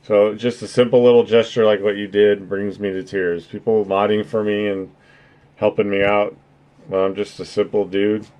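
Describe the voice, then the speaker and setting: A man's voice: on the low side, little pitch movement, moderate pace, a little mellow. A man chatting casually on his livestream, rambling and earnest, swearing freely as he thanks his viewers. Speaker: streamer.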